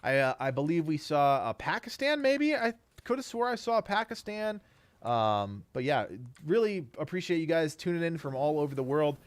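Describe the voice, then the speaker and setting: Man, upbeat streamer, reads viewer names in quick lists, slightly high voice. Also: big pitch swings, no room sound. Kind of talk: casual live-stream chat while gaming.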